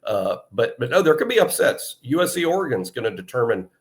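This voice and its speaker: An easygoing man chats about college football as a podcast co-host. His voice sits at a mid pitch but moves through a lively range. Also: brisk. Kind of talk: casual sports chat.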